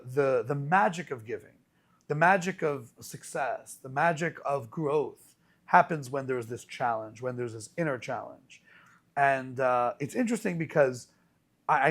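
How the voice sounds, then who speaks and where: Animated rabbi telling a story. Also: male voice, medium pitch. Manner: animated, many restarts, gives examples. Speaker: rabbi and podcast host. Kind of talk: casual conversational storytelling.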